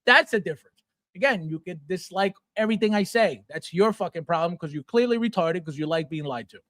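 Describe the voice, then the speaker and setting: A man's voice: high-pitched, animated, a little fast, a bit bright, dry recording, studio quality. A man hosting a collectibles channel, ranting bluntly and scornfully about a figure, profane and sarcastic. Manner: repetitive, sarcastic jabs at viewers.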